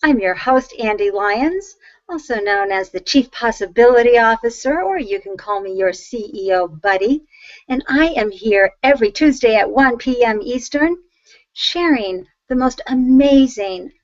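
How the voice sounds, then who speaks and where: A woman's voice: fairly high pitch, no room sound, highs cut off. A woman with a Boston accent hosting an interview show, gushing and effusive as she introduces her guest. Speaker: host.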